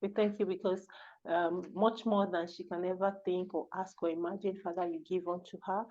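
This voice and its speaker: A woman's voice: on the low side, level tone, moderate pace, a little mellow. Firm woman on a dull call line. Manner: firm and emphatic, then fervent prayer. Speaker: community member leading prayer. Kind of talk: emphatic comment and closing prayer. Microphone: video call.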